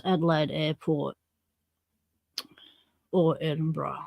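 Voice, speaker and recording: A woman's voice: on the low side, no room sound. An Australian woman hosting a livestream, chatting in a casual, slangy way as she greets viewers and reads out their comments. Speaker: livestream host.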